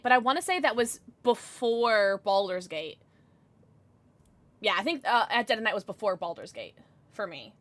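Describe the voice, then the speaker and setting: A woman's voice: medium pitch, animated, moderate pace, fairly bright tone, no room sound. Bubbly young woman streamer. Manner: chatty, bubbly, squeals when reading chat. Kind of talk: casual live-stream chat.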